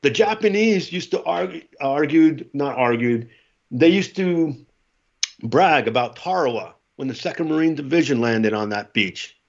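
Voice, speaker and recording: A middle-aged man, a former Marine, telling stories in a casual interview, animated and acting out what others said. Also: a little high, normal speed, muffled recording. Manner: animated storyteller, acts out quotes. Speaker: podcast guest, former Marine.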